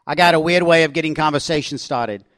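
Man reading as pushy Aussie adventurer, high-ish, loud and boastful, dry sound. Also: fast, dry recording, natural voice. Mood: cocky. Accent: Australian. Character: brash, confident Australian outdoorsman, adult man.

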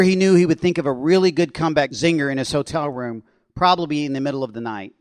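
A man's voice: a little high, dry recording. Author reading his own thriller aloud. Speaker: novelist.

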